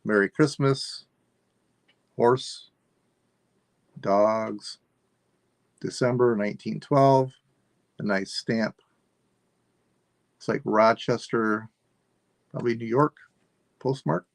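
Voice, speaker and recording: A man selling items on a live stream, thinking aloud in a rambling, unhurried way as he describes each piece. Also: mid-range voice, creaky, no echo. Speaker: online seller. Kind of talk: live-stream sales chat.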